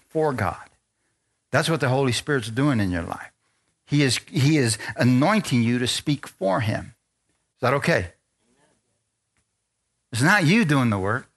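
A male pastor preaches in an easy, conversational way at a middle pitch. He keeps asking the congregation to answer him with an amen. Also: a bit bright. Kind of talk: sermon.

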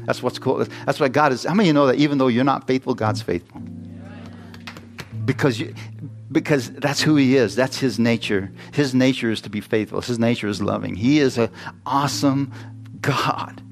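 A man's voice: mid-range voice, creaky. A man preaching a sermon, reading scripture aloud and putting questions and jokes to the congregation. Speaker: pastor.

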